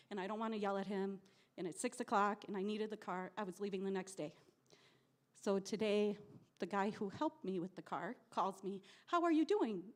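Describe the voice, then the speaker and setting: A woman telling a story at an open mic in a cafe, ranting in an exasperated way and swearing often. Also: mid-range voice. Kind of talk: spoken word storytelling. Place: live cafe event.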